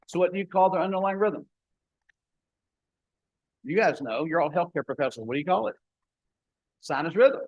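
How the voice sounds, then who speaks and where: A man's voice: high voice, lively intonation, normal speed, long pauses, no echo, highs cut off. A man, giving a conference talk as a paramedic educator, folksy and acting out the dialogue in his stories.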